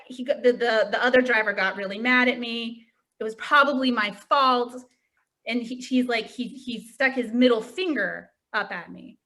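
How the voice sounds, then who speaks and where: A woman's voice: fairly high pitch, moderate pace. A woman from Pittsburgh, a tutor trainer, giving a chatty training talk over a video call and telling anecdotes. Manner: chatty, animated storytelling with lots of "like".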